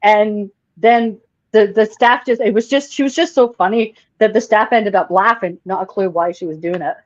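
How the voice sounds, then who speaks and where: Female co-host, chatty and enthusiastic, medium pitch, dry muffled home mic. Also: normal speed, no room sound. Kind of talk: casual chat. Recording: dry, dull lo-fi audio.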